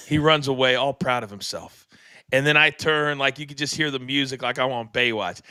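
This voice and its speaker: A man's voice: medium pitch, fairly quick, sharp tone, clean tone, no room sound. An older man, a co-host of a talk show, telling a long story with dramatic flair and acted-out sound effects. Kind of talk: animated storytelling.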